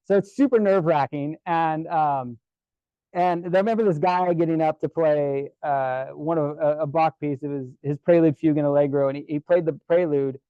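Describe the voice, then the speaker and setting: A man giving a casual storytelling presentation to a club, relaxed and chatty with many fillers and restarts. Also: a little high, normal speed, smooth, dry recording, lo-fi sound. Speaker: guest presenter at a camera club.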